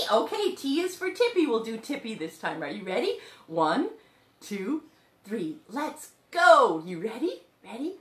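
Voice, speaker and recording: A young woman hosting a sing-along show for toddlers, talking slowly and playfully to small children. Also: on the high side, very animated, roomy sound, noisy background. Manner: slow, exaggerated, playful talk to small children. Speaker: children's music teacher and show host.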